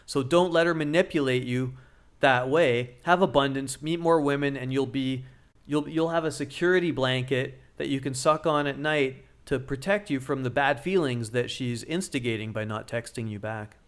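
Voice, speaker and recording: A man's voice: medium pitch, moderate pace. A man who works as a dating coach gives blunt, joking relationship advice in a casual vlog.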